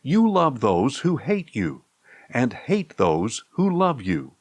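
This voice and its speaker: A man narrating a scripture audiobook in a slow, measured, expressive reading. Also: mid-range voice, husky, no room sound.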